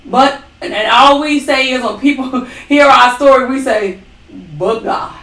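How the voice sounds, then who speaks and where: Her unhurried, slightly bright voice sits high, and the microphone is far off in an echoey space. Co-hosting a ministry talk, she delivers an intense testimony with dramatic quoted asides.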